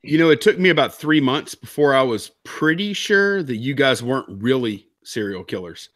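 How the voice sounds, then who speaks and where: Teasing man with a bright voice. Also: medium pitch, big pitch swings, normal speed. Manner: joking, teasing. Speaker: guest. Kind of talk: casual live chat.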